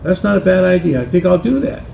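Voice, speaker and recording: A man's voice: high voice, lively intonation, fast talker, gravelly, a little mellow, slight background noise, pitched above the performer's own voice, heavily acted. A man voicing a retiring older golfer in a told joke. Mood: eager. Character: retiring golfer Bill, older man, glum then eager. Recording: roomy with faint ambience.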